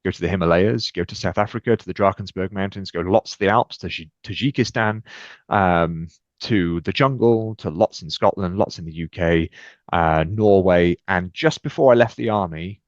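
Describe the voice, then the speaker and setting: A British man with a very low voice tells his own stories energetically as a guest on a relaxed podcast, breaking into lively acted-out dialogue. He speaks at a moderate pace, and the recording is dry and close, with no room sound and a muffled, dull edge.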